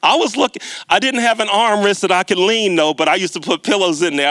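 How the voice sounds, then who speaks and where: A man preaching in a church with an unusually high, bright voice. He tells a humorous story in a chatty way and keeps asking the congregation questions. The sound is dry and close. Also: a little fast, no room sound. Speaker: lay preacher. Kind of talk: storytelling sermon. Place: church sanctuary.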